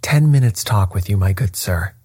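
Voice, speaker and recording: A cool, confident detective , read by a man telling the story. He speaks slowly and precisely in a low, mellow, slightly husky voice. The sound is dry and close. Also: no echo, exaggerated voice. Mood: calm. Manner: calm, precise, quietly commanding.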